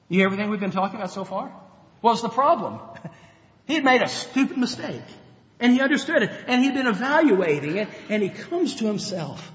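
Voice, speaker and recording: A man preaching a sermon, telling Bible stories in an animated way and acting out the characters. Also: high-pitched, a little fast. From grew up on a farm. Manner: animated storytelling, acts out Bible characters, chuckles. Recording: dull lo-fi sound with long hall reverb.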